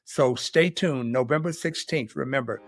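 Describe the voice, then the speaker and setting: A man's voice: mid-range voice, normal speed, no room sound, clean studio sound. Upbeat male podcast host. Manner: upbeat, brief affirmations. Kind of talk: interview hosting.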